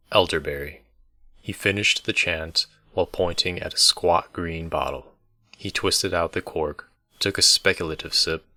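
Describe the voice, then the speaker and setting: A man reading a fantasy novel aloud, steady and even. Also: low voice, dry recording, studio quality. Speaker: book reader. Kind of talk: audiobook narration.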